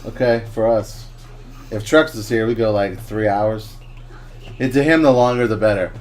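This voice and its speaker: A man co-hosting a podcast in a casual, joking chat, quick to laugh and ramble. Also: lowish voice, darkish tone. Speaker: podcast co-host.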